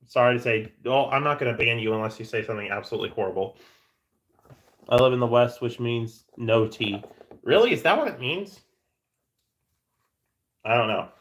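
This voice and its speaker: A man's voice: mid-range voice, fairly bright tone. Rambling, joking man streaming live. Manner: rambling and joking, with frequent stammered restarts. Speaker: livestream host. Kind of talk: casual livestream chat answering viewers.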